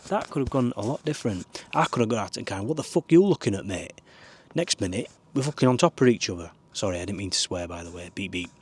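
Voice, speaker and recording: A man's voice: lowish voice, fast, hardly any pauses, breathy edge. A man giving rambling, earnest life advice to camera from a small camper van. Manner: rambling, earnest, swears now and then. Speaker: vlogger. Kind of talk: casual advice talk to camera.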